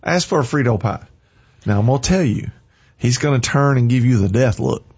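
A man's voice: mid-range voice, expressive, fairly quick, creaky, darkish tone, husky, lo-fi sound. A man with a Southern American accent, hosting a rambling, casual radio chat. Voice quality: folksy, rambling and chatty. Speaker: radio host.

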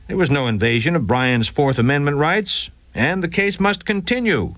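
A man voicing a brisk male government prosecutor in a radio story. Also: a little high, fairly bright tone, dry recording, close to an everyday voice. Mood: firm.

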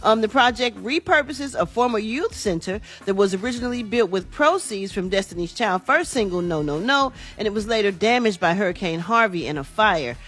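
A woman's voice: mid-range voice, lively intonation, brisk, few pauses, a bit bright, husky. A woman hosting a chatty morning radio entertainment segment. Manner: chatty, laughs easily, casual asides. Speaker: entertainment news host.

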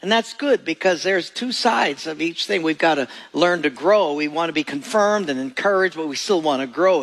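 A man preaching a sermon as pastor, storytelling and acting out voices in his anecdotes, with a gravelly voice. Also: fairly high pitch, a bit bright. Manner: storytelling, acts out voices in quoted jokes. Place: church sanctuary. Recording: long reverb of a large hall.

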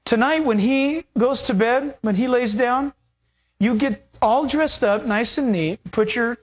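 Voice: medium pitch, unhurried, lightly acted. A preacher voicing Naomi as a chatty, scheming older mother-in-law who speaks in casual modern slang, during a sermon retelling.

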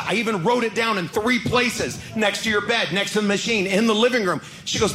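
A man's voice: sits high, fairly quick, hardly any pauses, background noise. A man doing stand-up, telling an exasperated story and acting out both sides of a phone call. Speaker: stand-up comedian.

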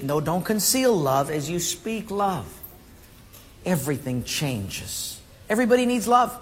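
Male pastor, high voice, animated sermon storyteller, faint background hum. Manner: animated storytelling, acts out voices, drops low for emphasis. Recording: hall reverb, faint room noise.

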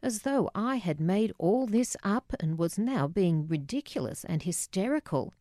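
A middle-aged woman reading a memoir aloud, measured and quietly emotional, voicing the dialogue herself. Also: mid-range voice, animated, dry recording, clean studio sound. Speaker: narrator.

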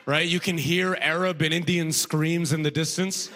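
This comedian, from Canada, speaks at a moderate pace in a higher voice with fairly even intonation. Performing stand-up in a club, he addresses the crowd punchily and conversationally and laughs at his own material; the audio carries faint noise and long hall reverb.

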